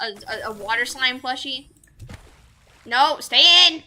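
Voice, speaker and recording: Young female streamer, high and very bright, gushy and chatty, faint music behind. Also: a little slow. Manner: gushing, squeals over cute things. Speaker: VTuber streamer. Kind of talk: casual gameplay chat with viewers.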